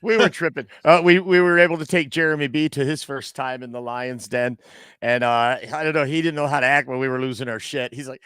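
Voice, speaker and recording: A man co-hosting a casual sports talk show, reading viewer comments aloud in an animated way. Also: mid-range voice, fairly quick, clear, resonant tone, no room sound. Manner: animated, laughing often.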